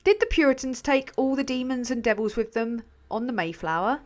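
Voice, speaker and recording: Rattling through viewers' chat messages on her livestream, a young Englishwoman swears liberally, laughs frequently, and wanders off topic. Her voice is a touch high, with lively intonation and a brisk pace.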